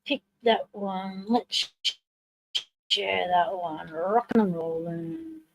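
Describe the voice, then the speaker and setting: A woman hosting a live stream in casual chat. She talks to herself as she runs the stream software and comments along with a video. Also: mid-range voice, very animated, slow pace, creaky, noisy background.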